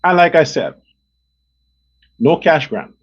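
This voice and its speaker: Male host, angry profane rant, wide swooping pitch, unhurried delivery. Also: big pitch swings, breathy edge. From Guyana. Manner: combative, profane, repeats and stresses words. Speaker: show host. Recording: dull lo-fi recording.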